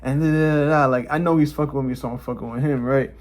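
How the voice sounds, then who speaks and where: A man vlogging casually, telling a personal story and acting out the quotes in higher voices. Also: fairly even intonation, fast, soft background music.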